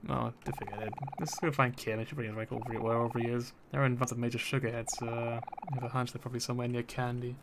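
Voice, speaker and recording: A man's voice: medium pitch, flat delivery, fast, hardly any pauses. A man streaming a game, thinking aloud with wry, easygoing commentary over game music. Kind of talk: casual gameplay commentary.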